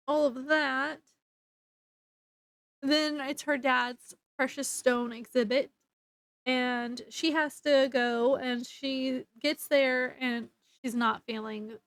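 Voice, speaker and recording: A woman's voice: high voice, a bit bright, no echo. A woman giving a casual book review at home, retelling the plot in a rambling way with lots of fillers.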